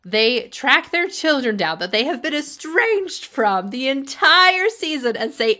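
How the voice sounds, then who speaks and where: A woman's voice: on the high side, sing-song, slow pace, sharp tone. A woman co-hosting a casual chat about a TV show, talking animatedly and acting out lines of dialogue. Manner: chatty, restarts sentences, acts out quotes. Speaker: podcast co-host.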